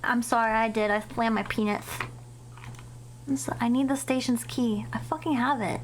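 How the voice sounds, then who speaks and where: A woman streaming a horror game live, excitable and cursing a lot, shrieking whenever something startles her. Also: fairly high pitch, moderate pace, poor audio. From United States. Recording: loud game noise behind the voice.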